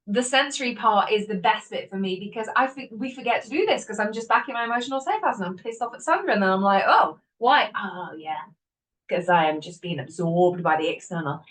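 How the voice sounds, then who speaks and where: A woman hosting a self-help podcast, talking in an animated way, laughing often and acting out her inner voices. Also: mid-range voice. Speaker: podcast host. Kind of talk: motivational self-help talk. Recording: voice a bit distant from the mic.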